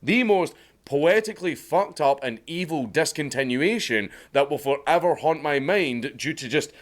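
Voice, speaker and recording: A man with a Scottish accent delivering sarcastic, profane commentary in a mocking deadpan way. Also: on the high side, normal speed. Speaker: video commentator. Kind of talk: sardonic scripted commentary.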